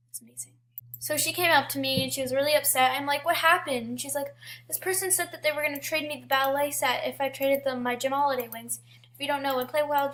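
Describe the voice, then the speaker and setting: In a high-pitched, fairly bright voice, a teenage girl chats her way through stories from an online game she plays. Her casual telling is packed with filler words and restarts.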